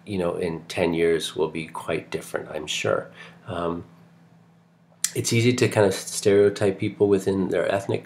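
A man's voice: low voice, creaky, slight background noise. A middle-aged man from Canada giving a recorded lecture in a chatty, digressive way, full of fillers and restarts.

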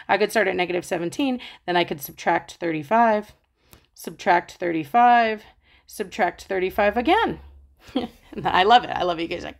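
Casting note: woman math teacher, casual and chatty, mid-pitched voice, playful with her students. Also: moderate pace, vocal fry. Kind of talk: casual explaining math lesson.

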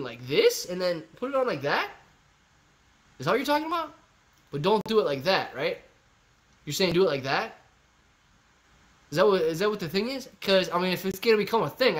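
A man hosting a casual live stream, reading viewer comments and bantering playfully with them. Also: sits high. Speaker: livestream host reading chat.

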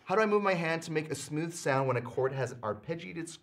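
A man's voice: fairly high pitch, lively intonation, quick pace, a bit bright, slight background noise. Upbeat Canadian man at the piano. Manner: upbeat, laughs easily, keeps the show moving. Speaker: piano teacher and co-host. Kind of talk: casual live-stream chat. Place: indoors at a piano.

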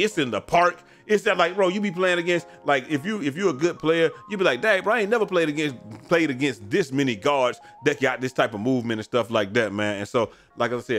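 A man's voice: fairly low pitch, fairly bright tone. A man chatting casually as a gaming streamer, tired and yawning, with loose slangy talk full of "man" and "bro". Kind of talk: casual commentary on viewer messages. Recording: faint music behind.

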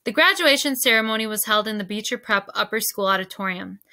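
A woman, a teacher, reading a novel aloud to her class in a steady storytelling voice. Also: medium pitch, fast.

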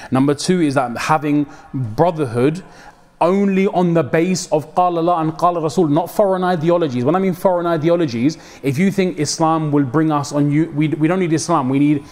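Animated preacher, slangy and dramatic. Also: male voice, on the high side, a little fast. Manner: code-switches with slang, dramatic quoted voices. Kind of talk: mosque talk.

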